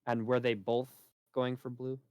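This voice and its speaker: A man narrating as game master for a streamed tabletop game, calm and measured, with dry jokes. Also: mid-range voice, dry recording, muffled recording.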